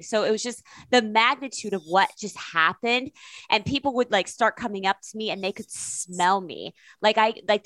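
A woman's voice: medium pitch, a bit bright, no echo. A middle-aged woman guest earnestly recounting a personal story in an interview, acting out quoted lines as she goes.

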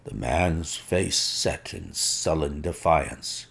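A man narrates a classic detective story with expressive, unhurried delivery. His low voice has a gravelly edge, and his pitch moves freely through each sentence. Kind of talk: storybook reading.

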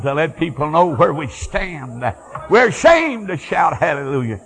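An older man preaching a fiery revival sermon, moving from quiet storytelling to shouted praise. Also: on the high side, very animated, measured pace, gravelly, soft background music, rough recording. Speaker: evangelist.

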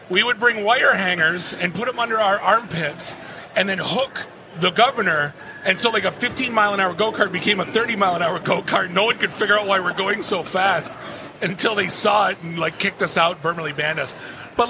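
A man from the Detroit area hosting a podcast from a convention booth, rambling through joking stories with quick asides. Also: sits high. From Detroit area, Michigan. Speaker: podcast host. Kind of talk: casual convention chat. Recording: noisy convention floor.

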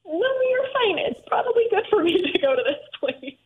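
A woman's voice: very high-pitched, very animated, moderate pace. A woman telling a painful personal story, tearful, her voice close to breaking. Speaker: guest. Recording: phone-like narrow line.

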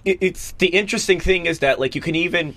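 A young man talks eagerly through a long explanation, rambling and circling back as he goes. His voice sits a little high for a man. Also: fast, a bit bright. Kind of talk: casual discussion.

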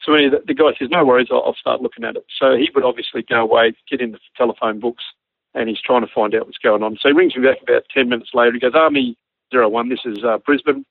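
Australian male storyteller, gravelly, dry phone-like sound; acts out radio calls and laughs through the tale. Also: medium pitch, fairly even intonation, fast talker, dry recording. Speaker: former army helicopter pilot telling a story. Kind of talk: casual anecdote.

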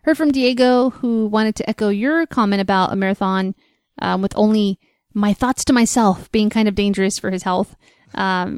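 A woman's voice: mid-range voice, a little mellow, clear, resonant tone, no echo, studio quality. Chatty young woman co-hosting. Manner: chatty, lots of "like" and "um". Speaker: podcast co-host. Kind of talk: casual chat.

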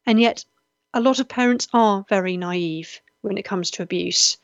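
A woman's voice: medium pitch, a little fast, no room sound, highs cut off. A middle-aged woman from the West Country of England, hosting a live chat show and reading out viewers' comments in an earnest, chatty way. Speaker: host.

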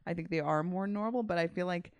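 A woman's voice: lowish voice, quick pace, no echo. A woman podcast host chatting casually, in a laid-back, rambling way. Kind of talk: casual chat.

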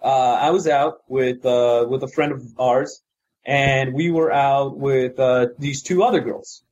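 Husky-voiced man swearing through a story. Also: mid-range voice, steady tone, unhurried, darkish tone, lo-fi sound. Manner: profane, rambling with many fillers. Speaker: podcast co-host. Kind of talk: casual storytelling chat.

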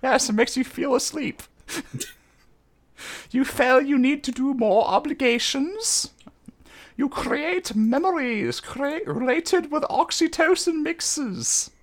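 A prim poster in a put-on British accent, as a woman acts her out, high and swooping. She reads slowly, with a theatrical lilt that makes every claim sound grand. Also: lively intonation. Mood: mock-serious. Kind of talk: comedic reading of a post aloud.

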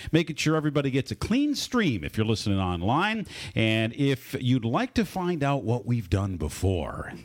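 A man hosting a radio talk show, giving upbeat announcer patter about the program and its guests. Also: medium pitch. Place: radio studio.

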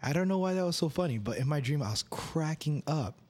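Laughing, animated young man co-hosting. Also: on the high side, fast. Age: young adult. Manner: animated storyteller, laughs often. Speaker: podcast co-host. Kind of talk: casual chat.

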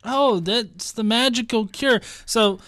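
A man's voice: very high voice, slow pace, a bit bright, clear, resonant tone, no room sound, clean studio sound. A man co-hosting a casual, irreverent podcast, cracking crude jokes and chuckling. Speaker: podcast co-host.

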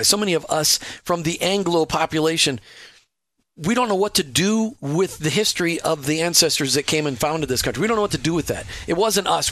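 A man's voice: a little high, bright, forceful tone, no echo. Upbeat Christian radio host man. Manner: upbeat, jokey, promotional. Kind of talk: Christian talk radio hosting.

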